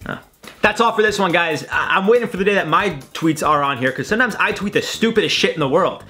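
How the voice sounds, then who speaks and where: A young man hosting a casual tweet-reaction video. He rambles, swears and keeps stacking "like" as he talks. His voice sits a little high and swings widely in pitch, with soft music running underneath. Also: expressive, fast talker. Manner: chatty, swearing, rambling with lots of likes. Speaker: host.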